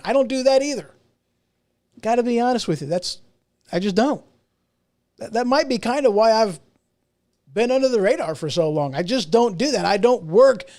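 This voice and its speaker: A man's voice: very high-pitched, darkish tone. A middle-aged man hosting a podcast, ranting casually on his own, rambling and restarting his sentences with self-mocking asides. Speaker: podcast host. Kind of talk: casual solo rant.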